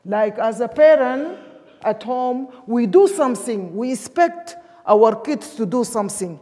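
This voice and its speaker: A woman's voice: on the high side, expressive, measured pace, a little mellow. A woman from Sudan, preaching a sermon emphatically in English. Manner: emphatic, with non-native English grammar. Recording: long hall reverb.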